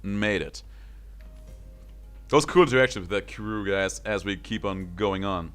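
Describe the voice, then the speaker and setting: Low-voiced man commenting on a game stream. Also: measured pace, soft background music. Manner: laughing, chatty.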